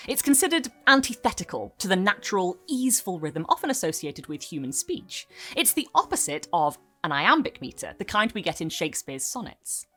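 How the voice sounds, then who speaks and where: A woman giving an emphatic scripted narration for a literary video essay, with dramatic pauses. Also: fairly low pitch, fairly bright tone.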